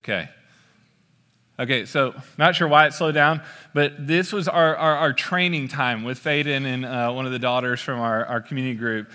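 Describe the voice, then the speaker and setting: Male pastor, thirties, sermon, bright forceful tone, joking storyteller, long hall reverb. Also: mid-range voice, normal speed. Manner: relaxed, joking storyteller with frequent "uh" fillers.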